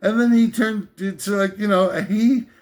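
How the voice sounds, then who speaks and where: A man's voice: high voice, fairly even intonation, a little slow, darkish tone. A man hosting a comedic countdown, ranting sarcastically in a rambling way with many hesitations and fillers. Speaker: comedic list host.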